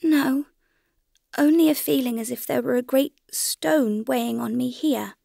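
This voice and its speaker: A woman's voice: high-pitched, measured pace, gravelly, mellow, dry recording, clean studio sound, voice pushed up, full character voice. A woman voicing a frightened, homesick little girl in an audiobook, speaking small, trembling and earnest. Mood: timid, tearful. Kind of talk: audiobook character reading.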